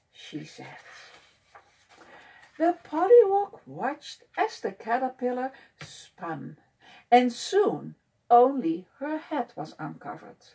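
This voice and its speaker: A woman librarian reading a picture book aloud at storytime, in an expressive, sing-song way. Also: mid-range voice, takes it slowly, breathy edge. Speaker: children's librarian.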